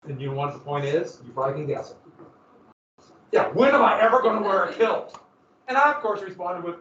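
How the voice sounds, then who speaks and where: Male teacher, a touch high-voiced, casual and jokey, lecturing from across a roomy classroom on a dull mic. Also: brisk, long pauses, a bit bright, recorded from a distance, slight background noise. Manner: casual, joking, digressive storytelling.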